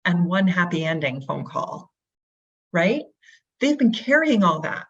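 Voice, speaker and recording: A woman speaking as a guest in an interview, energetic, asking rhetorical questions and acting out quotes. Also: lowish voice, unhurried, breathy edge. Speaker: real estate brokerage guest. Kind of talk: animated interview talk. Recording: dull lo-fi audio.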